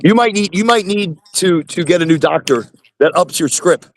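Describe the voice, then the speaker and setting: A man's voice: high-pitched, animated, normal speed, a little hiss or hum. A man hosting a casual live chat from his phone in his truck, rambling and repeating himself. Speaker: host.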